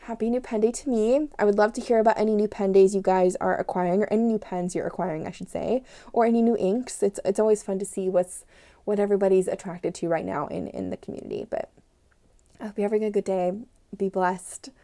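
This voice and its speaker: A woman hosting a casual pen unboxing and review, gushing and excitable as she fangirls over a new pen. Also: mid-range voice, quick pace. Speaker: stationery channel host.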